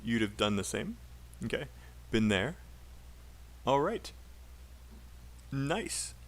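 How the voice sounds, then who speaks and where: A British man teaches a live online English class in a medium-pitched voice. He's chatty and encouraging, drilling phrases aloud for his students to repeat.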